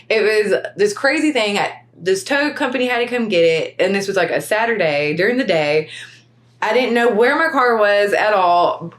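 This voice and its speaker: A woman in her thirties co-hosting a podcast, chatting casually, laughing often and saying "like" a lot. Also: medium pitch. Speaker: podcast co-host. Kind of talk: casual chat. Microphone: podcast microphone.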